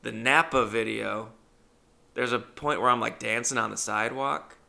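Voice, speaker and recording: Male stand-up comedian, loose rambling storyteller with a bright, forward tone and no filter on language. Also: medium pitch, steady tone, moderate pace, vocal fry. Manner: rambling, swears freely. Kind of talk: casual storytelling monologue.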